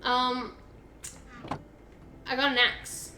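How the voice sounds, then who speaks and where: A woman's voice: sits high, monotone, extremely slow, roomy sound, noisy background. A woman chatting casually while playing a game, thinking aloud with lots of fillers. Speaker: game co-player. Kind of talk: casual gaming chat.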